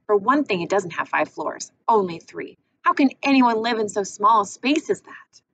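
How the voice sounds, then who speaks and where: A woman's voice: on the low side, expressive, moderate pace, vocal fry. A woman voicing a stubborn, easily annoyed young boy who talks in a grumpy, defensive way. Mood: complaining. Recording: muffled with faint hiss.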